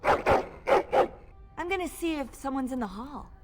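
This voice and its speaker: A woman's voice: sits high, expressive, slow pace, over loud music. An actress playing a kind, worried young lady-in-waiting in a fantasy game. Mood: uneasy. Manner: worried, uneasy. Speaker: game character. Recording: loud game noise behind.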